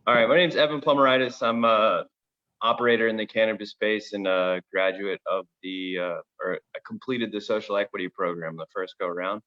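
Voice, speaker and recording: A man's voice: lowish voice, fairly even intonation, fairly quick, pushed and bright, muffled recording. A man giving a casual, joking public comment over a video call. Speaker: business operator.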